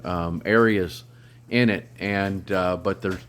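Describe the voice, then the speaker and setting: An older man, an RV travel vlogger, rambles through a casual vlog outdoors at a state park campground, with many ums and restarts. His voice is low and a bit bright, with fairly even intonation and a slow pace, against faint outdoor background noise.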